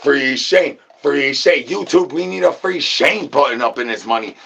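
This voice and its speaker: A man's voice: mid-range voice, lively intonation, normal speed, vocal fry, husky. A man ranting an absurd comedy monologue full of rhyming nonsense slang and stuttered repeated words. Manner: shouts out catchphrases. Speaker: comedy channel host. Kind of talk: absurd improvised comedy rant.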